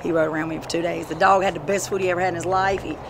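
A woman telling rambling, profane stories in a street interview, breaking into shouts. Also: fairly low pitch, rapid-fire. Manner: profane, animated storytelling with sudden shouts. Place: outdoors on a city street. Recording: street noise and passing traffic.

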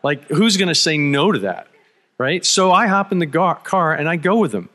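A man's voice: a little high, big pitch swings, normal speed, a bit bright. A man from Philadelphia giving a conference talk, telling a travel story with wry humor and frequent restarts. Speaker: conference speaker. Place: conference hall. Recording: long hall reverb.

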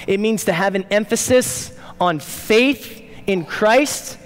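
A man pastor preaching a sermon in a church, emphatic, rising to loud urgent peaks and dropping to low quiet asides. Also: takes it slowly. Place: church sanctuary. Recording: church hall reverb.

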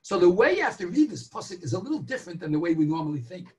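A man giving a daily Torah lecture in a sermon style, emphatic and animated, asking rhetorical questions and stretching key words. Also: high voice, very fast.

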